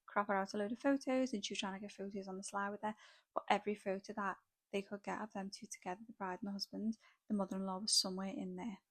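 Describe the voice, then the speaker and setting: In a gossipy, dramatic chat, a young woman who vlogs as a makeup artist spills a wild tale, saying "like" again and again. Her pitch is ordinary and middling, and the audio feels close and dry, without any echo or surrounding room.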